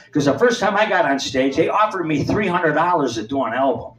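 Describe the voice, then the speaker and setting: Heard from far off in a roomy comedy club, a man in his seventies delivers rambling stand-up stories, acting out the voices of the people involved. His voice is on the high side, animated and fairly bright, and he talks briskly.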